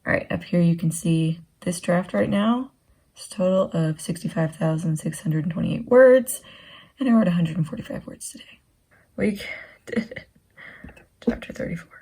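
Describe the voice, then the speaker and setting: A woman's voice: lowish voice, moderate pace, warm tone, slightly rough. A young woman vlogging about her writing day, chatty and self-mocking, sometimes dropping into a whisper. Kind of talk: casual writing vlog.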